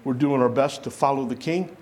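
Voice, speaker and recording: A man preaching a sermon to a congregation, lively and conversational, acting out the voices of people he quotes. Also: mid-range voice, brisk. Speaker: pastor.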